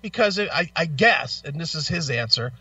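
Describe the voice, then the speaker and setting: A man's voice: on the high side, moderate pace, no room sound. A man co-hosting a radio show, telling an angry, profane story in casual chat while in back pain. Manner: animated, swearing storyteller. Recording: distant, dull lo-fi mic.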